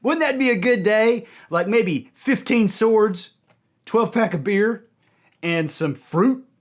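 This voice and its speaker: A man hosting a music video reaction, talking to his audience and breaking into loud cries of dismay and delight. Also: high voice, takes it slowly. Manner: addresses audience as ladies and gentlemen.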